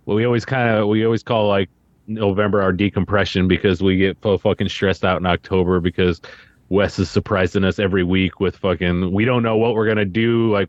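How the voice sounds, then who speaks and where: A man co-hosting a podcast in relaxed, profane, filler-heavy chat. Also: on the low side, no echo, lo-fi sound. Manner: laid-back, swearing, filler-heavy. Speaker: podcast co-host and guest. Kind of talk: casual podcast banter.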